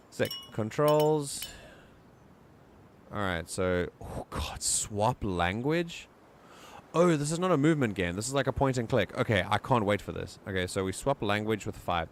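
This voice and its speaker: A man chatting casually to his viewers while starting a new game on a live stream, excitable, with lots of fillers and restarts. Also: deep voice, slight background noise.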